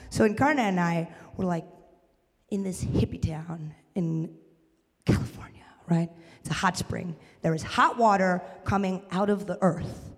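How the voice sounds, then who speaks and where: Animated woman doing stand-up in a hall. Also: fairly low pitch, measured pace. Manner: animated, swings into loud shouted bits. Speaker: stand-up comedian. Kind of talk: stand-up comedy set. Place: live comedy venue with audience. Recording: live room with long reverb.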